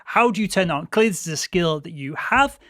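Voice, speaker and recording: A man's voice: sits high, expressive, fast, a bit bright, dry recording, studio quality. A man hosting a podcast, asking follow-ups and laughing along. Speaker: podcast host. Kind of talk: interview chat.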